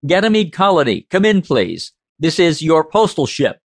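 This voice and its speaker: A man's voice: fairly high pitch, very animated, moderate pace, dry recording, studio quality, voice pushed up. A man voicing an impatient male mail ship pilot in an audiobook, talking urgently. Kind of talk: audiobook character voice.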